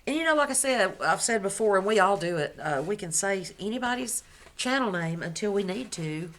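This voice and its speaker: A female crochet vlogger talks to the camera from indoors at home, enthusiastically displaying her gifts and fixing her own slips along the way. Her animated voice has a medium pitch, a fairly bright tone, and a moderate pace.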